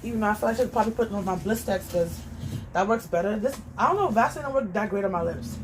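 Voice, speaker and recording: A woman's voice: medium pitch, lively intonation, rapid-fire, noisy background. A young adult woman vlogging casually at home. She chats loosely, reads viewers' comments aloud and scolds her daughter between thoughts. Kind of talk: casual chat.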